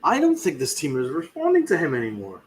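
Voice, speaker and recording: A man hosting a sports podcast unloads a fiery, sarcastic rant that is full of swearing. His voice sits a little high and slightly husky, and it jumps up and down in pitch as he vents. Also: wildly swooping pitch, fast. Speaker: podcast host. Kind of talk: ranting sports podcast commentary.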